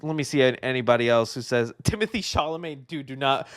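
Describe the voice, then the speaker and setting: Excitable young man with a high voice. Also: brisk. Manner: excitable, rambling, says "dude" a lot, laughs often. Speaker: livestream host. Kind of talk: casual live-stream chat.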